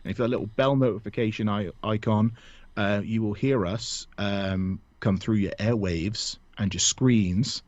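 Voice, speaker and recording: A man's voice: fairly low pitch, fairly even intonation, unhurried, darkish tone, no echo, muffled recording. A man co-hosting a casual podcast, joking, self-mocking and laughing often. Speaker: podcast co-host. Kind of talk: casual chat.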